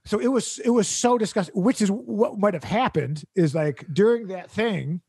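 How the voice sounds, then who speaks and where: A man's voice: high voice, normal speed, warm tone, breathy edge, no echo, clean studio sound. A man hosting a comedy podcast, telling a rambling, exasperated story with laughs mixed into his sentences.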